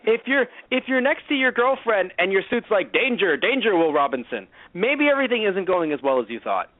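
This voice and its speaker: A man with a slightly high voice rants his way through a casual movie review, swearing freely and slipping into mocking voices. His pitch swings widely. The sound is dry and thin, as if it came through a phone line. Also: fairly quick, dry recording. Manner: animated, profane, acts out mock dialogue. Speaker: podcast co-host.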